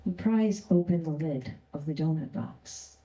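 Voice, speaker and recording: A woman telling a personal story on stage, unhurried and deliberate. Her voice is low and very dark. A roomy hall echo hangs around every line. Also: lively intonation. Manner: slow, deliberate, present-tense narration. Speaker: storyteller, former prison librarian. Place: stage at a community arts event.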